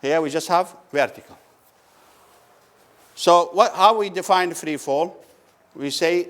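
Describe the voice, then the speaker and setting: Man lecturing, slow questioning delivery. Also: fairly high pitch, fairly bright tone. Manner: asks the class questions and answers them, repeats key words slowly. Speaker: physics lecturer. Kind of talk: classroom lecture. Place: lecture room.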